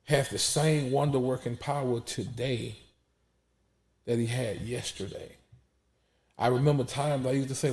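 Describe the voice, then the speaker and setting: A man's voice: mid-range voice, a little slow, creaky, darkish tone. A man, testifying in an emphatic preaching style that repeats words and drops almost to a whisper when emotional. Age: 40s.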